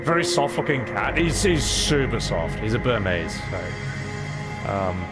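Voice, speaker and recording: A man's voice: lowish voice, very animated, slow pace, loud music behind the voice. A young adult man, chatting casually to his stream audience and cooing at his cat. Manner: affectionate baby talk to his cat. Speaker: game streamer.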